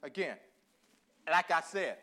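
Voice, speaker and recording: A man from Northeast Texas with a Southern Texan accent, preaching a sermon that swings from quiet musing to loud, drawn-out exclamation. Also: fairly high pitch, animated. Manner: laughs and exclaims often.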